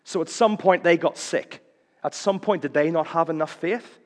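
A man's voice: normal speed, big-room sound. A man preaching a sermon, impassioned, acting out quoted cries as his voice rises. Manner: impassioned, acts out quoted cries with rising pitch.

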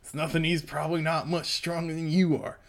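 A man's voice: a little high, level tone, a little fast, gravelly, voice pushed up. A man voicing a nervous, cocky cowboy gunman with a drawling twang while reading a comic aloud. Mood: grumbling.

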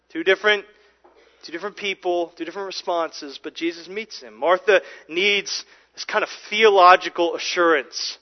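A man preaching a sermon as pastor, swinging from loud and urgent to soft and hushed, often repeating words as he goes. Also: fairly high pitch, dull audio.

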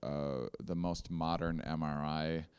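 A man in a casual podcast chat, asking curious, halting questions. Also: rumbling low, fairly even intonation, a little mellow, clear, resonant tone, big-room sound.

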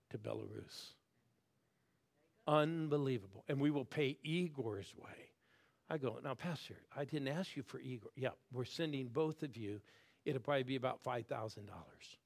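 A man in his sixties preaching a sermon, swinging from loud calls to the crowd down to soft, hushed lines. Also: medium pitch, vocal fry. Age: 60s. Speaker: guest preacher.

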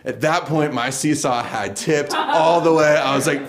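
A man's voice: on the high side, unhurried. Laughing American man telling a story. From United States. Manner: casual, laughs through the funny parts. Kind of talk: personal story told live.

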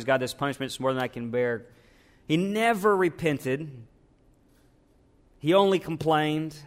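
A man preaching a sermon, swinging from hushed, earnest asides to emphatic, building lines. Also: on the high side. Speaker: pastor.

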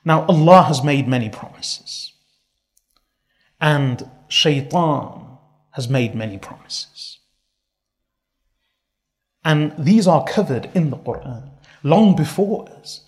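A man's voice: fairly high pitch, animated, slow pace, pauses often. A man preaching a sermon, reciting Arabic scripture and translating it with heavy emphasis, stacking ideas into long repetitive lists.

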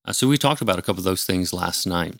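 A man in a small studio room, giving a measured, explanatory talk on scripture in casual conversation, with fillers and restarts. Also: deep voice, expressive, vocal fry, no echo. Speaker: ministry leader and guest.

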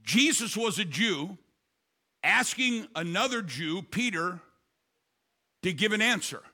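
High bright preaching older man. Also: animated, slow pace. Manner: storytelling preacher, rising to shouts. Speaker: pastor. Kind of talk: sermon.

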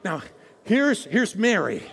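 A male preacher giving a dramatic sermon, swinging between loud proclamations and hushed asides and calling out for audience responses. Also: high voice, wildly swooping pitch, slow pace, gravelly, breathy edge. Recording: long hall reverb.

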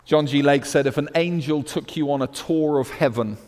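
A man with a British accent preaching a sermon, swinging from loud emphatic declarations to hushed storytelling. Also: a little high, moderate pace, long reverb tail.

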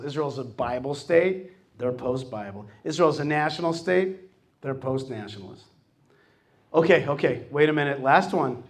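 Male host, fairly high voice, animated delivery, jokes with a live crowd in a hall. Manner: animated, jokes with the audience and acts out quoted voices. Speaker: host giving a talk to a live audience. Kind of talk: lively public talk.

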